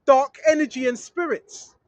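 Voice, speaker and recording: A high-pitched street preacher talks straight into a camera outdoors, reading verses and breaking off into blunt, slangy scolding. The delivery is fervent and insistent. The sound is dry and close, with no room around it. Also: normal speed, dry recording, highs cut off. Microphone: handheld camera filming.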